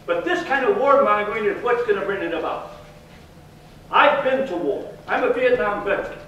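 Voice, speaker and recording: A man's voice: high-pitched, animated, normal speed, fairly bright tone, highs cut off, slight background noise. A man in his sixties giving a fiery, emphatic campaign speech as a congressional candidate at a public forum. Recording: echoey hall from far off.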